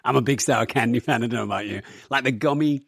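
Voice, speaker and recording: A man's voice: medium pitch, quick pace, gravelly, husky, no echo. A man in his forties, born in Germany to parents from Manchester, chatting playfully as a podcast guest and swearing freely. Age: 40s. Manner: playful, swearing, animated storytelling. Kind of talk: casual chat.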